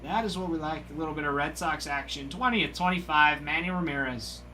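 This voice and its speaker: A man hosting a live trading card break, giving excited, gushing commentary as he reveals each card. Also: on the high side, brisk, slight background noise.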